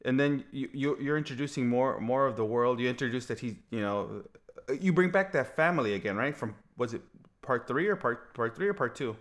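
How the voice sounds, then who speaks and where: A man's voice: mid-range voice, lively intonation, brisk. Rambling man reviewing a movie. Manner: rambling, many restarts. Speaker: podcast co-host. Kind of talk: casual movie review chat.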